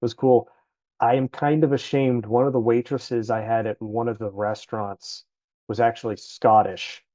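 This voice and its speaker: Chatty man with a mellow voice. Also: medium pitch, level tone, normal speed, dry recording. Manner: chatty, rambling, self-correcting. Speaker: podcast guest. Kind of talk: casual travel chat.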